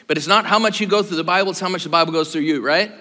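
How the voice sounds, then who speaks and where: A man's voice: sits high, very fast, pushed and bright. A man in his sixties preaching a sermon, talking casually and joking with his audience. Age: 60s. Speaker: pastor. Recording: long hall reverb.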